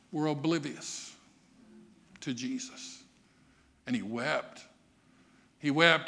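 A male pastor preaching a Sunday sermon with dramatic swings from quiet, low talk to shouting, acting out the people he quotes. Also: slow pace, pauses often.

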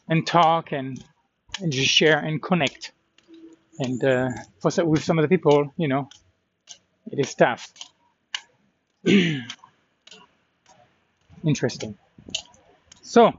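A man's voice: fairly high pitch, slight background noise. A man talking through his day on a walking pilgrimage, reflective and thinking aloud with many fillers, recorded outdoors by a road. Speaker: pilgrim vlogger. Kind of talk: rambling spoken travel diary. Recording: dull lo-fi recording.

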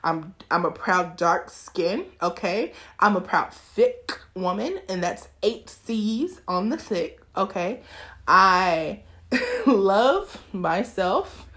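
Young woman host, twenties, chatty and animated, breaks into sermon-style exhortation. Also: medium pitch, slow pace. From East Texas. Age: 20s. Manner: lively, talkative, preachy bursts. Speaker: podcast host. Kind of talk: casual chat.

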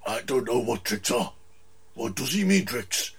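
A man's voice: medium pitch, sing-song, a little slow, vocal fry, slightly rough, full character voice. A man playing a crude, grasping male cave dweller who whines and demands, in improv comedy. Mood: whiny.

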